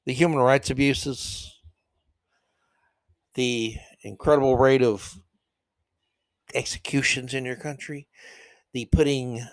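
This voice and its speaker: A man hosting a solo opinion podcast, sarcastic and mocking, swinging from low mutters to loud jabs. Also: no echo. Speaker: podcast host.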